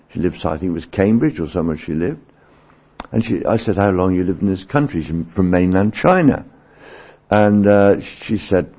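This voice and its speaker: A man preaching a sermon, earnest, swinging between emphatic peaks and quiet low passages. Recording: dull lo-fi sermon recording.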